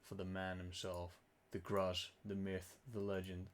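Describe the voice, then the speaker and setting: Unhurried and monotone, this low-pitched man streams a game live from the Netherlands. He swears often and jokes at his own expense while talking through his inventory in casual gameplay commentary.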